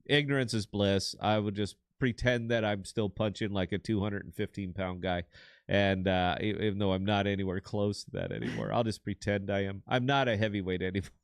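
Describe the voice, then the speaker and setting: Man in his fifties, lowish voice, dry close sound, rambling dad-joke teller. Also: fairly even intonation, brisk, clear, resonant tone, no room sound. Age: 50s. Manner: rambling, jokey, tells corny dad jokes. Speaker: podcast co-host. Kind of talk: casual live chat.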